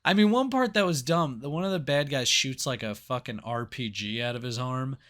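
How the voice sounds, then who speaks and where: Young male podcast co-host, bright tense voice, loose swearing chatter. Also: mid-range voice, fairly quick. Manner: animated, swears freely, acts out movie lines. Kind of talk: casual movie review chat.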